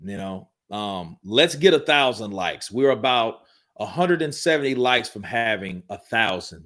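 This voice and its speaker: A man's voice: medium pitch, lively intonation, normal speed, sharp tone. A man hosting a live stream, casually talking to his chat and repeating himself as he hypes the viewers. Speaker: livestream host.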